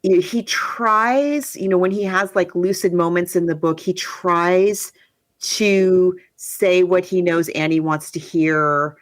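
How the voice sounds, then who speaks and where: A woman co-hosting a podcast, chatting casually and animatedly with quick asides. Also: on the low side, no room sound, clean studio sound. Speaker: podcast co-host. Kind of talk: casual chat.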